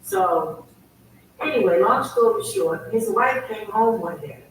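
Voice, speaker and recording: A woman telling a personal story as a guest, emphatic and animated. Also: mid-range voice, takes it slowly. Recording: very echoey, distant, faint ambient noise.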